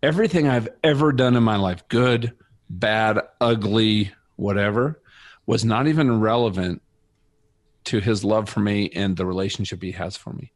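A middle-aged guest tells the story of his faith in an earnest, reflective way. He speaks at a moderate pace in a lowish voice, with no echo in the recording.

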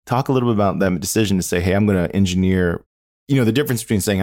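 Man, podcast host, very low voice, rapid rambling questions, dry close sound. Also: darkish tone, no echo. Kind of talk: interview questions.

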